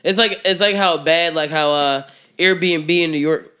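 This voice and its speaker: A man's voice: fairly high pitch, a little slow, bright, forceful tone. A man in casual chat, rambling and slangy, laughing often as he tells stories.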